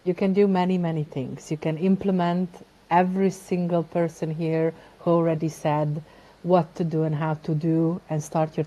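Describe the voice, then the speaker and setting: A woman coach on a video call, giving measured advice. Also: low voice, warm tone, muffled recording.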